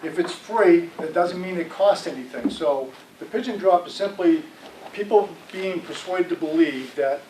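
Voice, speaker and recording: A man's voice: fairly high pitch, normal speed, a little mellow, slight background noise. A man giving a conversational community talk on scams, often checking with the audience. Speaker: fraud prevention speaker. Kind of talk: community presentation. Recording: echoey room, speaker far from mic.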